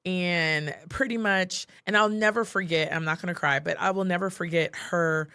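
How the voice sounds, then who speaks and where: A woman's voice: on the low side, fairly even intonation, moderate pace, sharp tone, clean tone, no echo, studio quality. A woman co-hosting a podcast, telling personal stories in a chatty, heartfelt way, full of "like" and "you know". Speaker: podcast co-host. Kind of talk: casual podcast chat.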